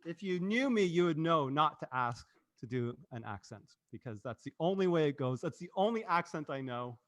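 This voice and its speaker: A man's voice: fairly high pitch, animated, normal speed. A man hosting a casual marketing livestream, rambling and cutting himself off, laughing easily. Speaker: host and agency president.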